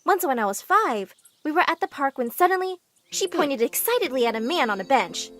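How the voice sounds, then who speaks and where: High, lively woman narrating a story. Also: brisk, faint music behind. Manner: expressive, storytelling. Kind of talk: scripted first-person story narration.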